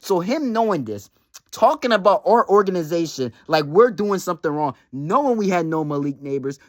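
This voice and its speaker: Animated young man ranting trash talk. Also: high voice, no room sound. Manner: heated, mocking, repetitive ranting. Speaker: fantasy league team manager. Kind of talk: casual trash-talk rant.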